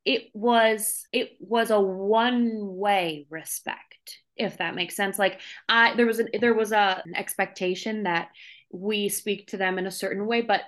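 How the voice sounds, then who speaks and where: This is a young woman speaking on a casual podcast interview. She tells her stories in an animated, emphatic way, with plenty of energy behind them. Her voice sits in a middle register. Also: medium pitch, measured pace. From Minnesota, USA. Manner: animated storyteller, lively and emphatic. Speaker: guest actor.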